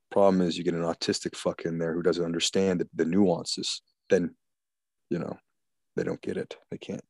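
A man's voice: sits low, steady tone, moderate pace, no echo. A man talking in a crude, rambling, profane way in casual chat.

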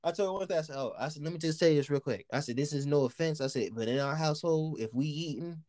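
A man telling a story in casual chat, animated and profane, laughing often and acting out what people said. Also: a little high, quick pace, no room sound, studio quality.

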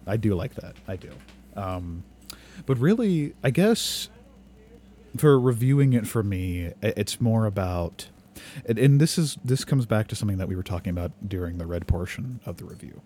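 A man co-hosting a podcast who talks in a low voice. He explains his point earnestly, restarting and swearing now and then. Faint noise hums behind him. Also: expressive, moderate pace, dark tone. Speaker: podcast co-host. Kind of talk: casual chat.

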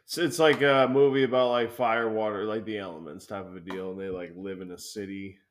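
A man's voice: on the low side, steady tone, a little fast. A profane, rambling young man. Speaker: podcast co-host. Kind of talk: casual chat.

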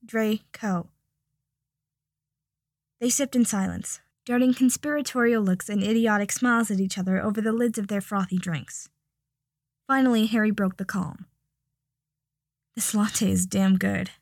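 A woman narrating a romance story aloud in an even, soft manner. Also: medium pitch, brisk, dry recording, clean studio sound. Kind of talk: audiobook reading.

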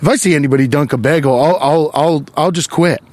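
Speaking on the high side and fairly quickly, a man hosting a podcast vents in a profane, exasperated, animated comic rant. He's walking along a wooded trail as he does it.

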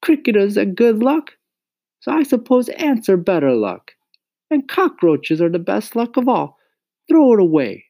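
A man's voice: high-pitched, sing-song, takes it slowly, gravelly, a little mellow, pitched above the performer's own voice, heavily acted. A man voicing a short, stout mother who sounds dry and skeptical as she scolds, in a storybook reading. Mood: scolding.

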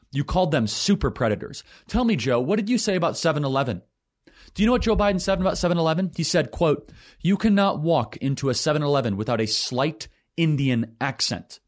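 A young man hosting a heated political monologue, combative and full of rhetorical questions with emphatic rising bursts. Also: mid-range voice. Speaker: political commentator host.

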